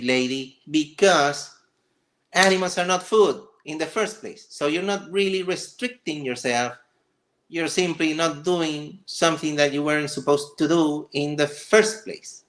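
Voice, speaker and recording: A man hosting a livestream, reacting to a video with sarcastic, exasperated commentary and excited stammering. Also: a little high, a little slow. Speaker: livestream host.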